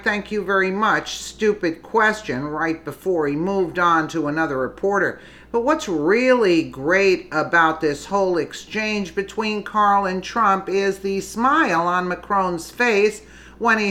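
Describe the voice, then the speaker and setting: A woman's voice: on the low side, pushed and bright. A woman giving opinionated political commentary, indignant and emphatic, often restarting her sentences.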